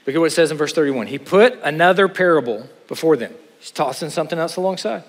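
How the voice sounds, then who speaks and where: A middle-aged man preaching a sermon to a chapel audience, animated, with joking asides and rhetorical questions. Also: a little high, quick pace. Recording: hall with long reverb.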